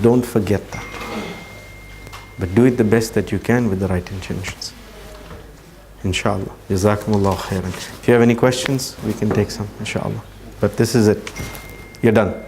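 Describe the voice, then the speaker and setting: A man giving a talk to an audience, telling a story at an unhurried pace and dropping his voice to near-quiet at emotional moments. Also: fairly low pitch, slight background noise. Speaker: speaker at a training session.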